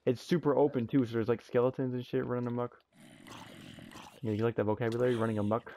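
A young man hosting a gameplay session, telling stories in animated slang and swearing freely. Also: medium pitch, fast talker, slight background noise. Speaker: let's play host. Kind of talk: casual gameplay chat and storytelling. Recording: muffled lo-fi audio.

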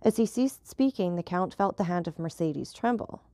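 A woman reads a classic novel aloud at a steady storytelling pace. Her voice has a gravelly texture. The recording is dry, with no room sound. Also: on the low side, moderate pace, no room sound. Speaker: audiobook narrator.

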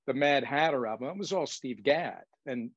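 A man's voice: mid-range voice, lively intonation, normal speed, no room sound. Male host on dull, dry audio. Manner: warmly reacting, conversational. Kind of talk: casual interview chat.

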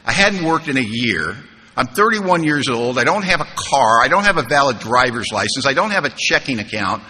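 A man's voice: medium pitch, very animated, normal speed, sharp tone. A man speaking at a recovery convention, telling his story with humor and rhetorical questions to the room. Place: large conference hall. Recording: hall reverb, faint room noise.

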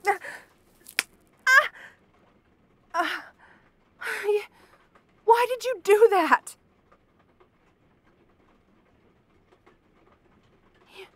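A woman's voice: high-pitched, normal speed, a little hiss or hum, natural voice. A young woman acting a frightened captive in an audio drama, stammering and pleading. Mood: pleading, scared. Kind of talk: audio role-play.

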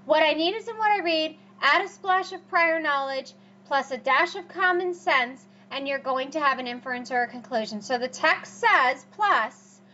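A high-pitched woman teacher talks through her slides, hammering key points with repeated rhetorical questions. The recording is dull and lo-fi, with a faint hum underneath. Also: pushed and bright. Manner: repetitive, emphatic, asks rhetorical questions. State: has the hiccups. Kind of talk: recorded classroom lecture over slides.

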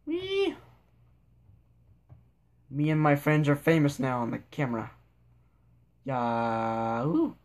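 A man's voice: fairly high pitch, steady tone, fast, hardly any pauses, darkish tone. A young man giving goofy, rambling commentary while playing a sandbox game, talking to himself and the characters on screen. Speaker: gameplay video maker. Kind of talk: casual gameplay commentary.

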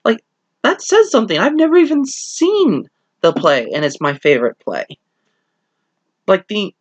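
An enthusiastic reviewer rambles through a casual spoken review, stacking up fillers and now and then acting out bits of dialogue. The voice sits in a middle pitch. The recording is dry and close, with no room echo. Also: very animated, a little slow, long pauses. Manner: acts out quoted dialogue in shifting voices. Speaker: play reviewer.

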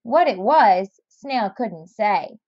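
A woman reads a children's picture book aloud, gentle and expressive, her pitch moving a lot. She speaks slowly and clearly, in a dry, slightly lo-fi recording. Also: no echo. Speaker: narrator. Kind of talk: storybook read-aloud.

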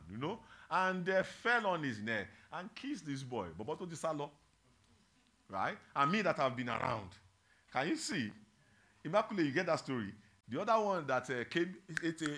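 Lively pastor, bright animated voice. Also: male voice, on the high side. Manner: animated, humorous, draws the congregation in with call-and-response; swings between loud emphasis and quiet, earnest reflection. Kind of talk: Bible study teaching.

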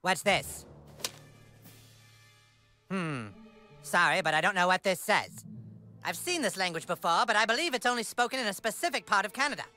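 An actor playing a pompous cartoon prince in a video game, speaking in grand, formal proclamations with deadpan asides. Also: male voice, high voice, normal speed, long pauses, soft background music, heavily acted. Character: pompous royal prince of a cartoon northern kingdom. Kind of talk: video game character dialogue.

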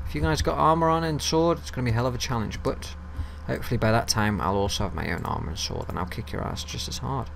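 A man's voice: medium pitch, fast, creaky, few pauses. Young dude narrating his game, talks to the mobs, swears a lot, faint hiss behind. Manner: chatty, talks to viewers and mobs, swears freely; gets loud and excited when ambushed. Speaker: gaming video host. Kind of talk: casual let's-play commentary.

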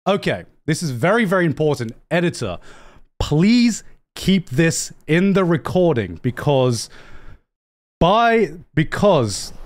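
Young man, casual stream rant, high voice, slow delivery, excitable, swearing. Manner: excitable, swears a lot, repeats himself. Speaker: anime streamer. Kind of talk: animated casual ranting.

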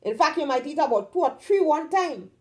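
A woman's voice: sits high, expressive, a little fast, a little mellow. A woman from Trinidad with a Trinidadian accent, hosting her own vlog in casual talk to the camera. She talks emphatically, stretches out the words she stresses and keeps checking in with her listener. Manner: emphatic, draws out stressed words, keeps asking "you understand?". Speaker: vlog host.

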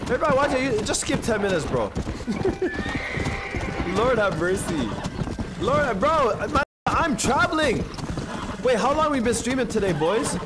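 A young gaming streamer who rambles excitably through casual commentary, full of slang. His voice sits high and leaps around. The stream audio carries clear noise and game sounds. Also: moderate pace.

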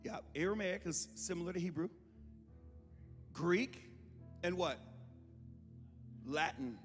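A man pastor preaching a sermon in a church, moving from calm talk to impassioned shouting, with joking asides. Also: high voice, unhurried. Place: church sanctuary. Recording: reverberant hall with music behind.

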